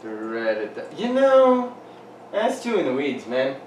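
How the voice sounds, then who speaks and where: A man in casual podcast banter, swearing loosely as he riffs with a friend. He is at middling pitch, set back from the mic in a room that rings noticeably, with a faint hiss underneath. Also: huge pitch swings, a little slow. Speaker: podcast co-host. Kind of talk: casual chat. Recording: roomy, distant mic.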